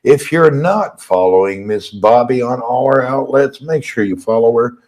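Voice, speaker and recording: A man from the Southern United States with a softened Southern accent, hosting a casual live chat stream with easygoing, jokey banter. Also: mid-range voice, moderate pace.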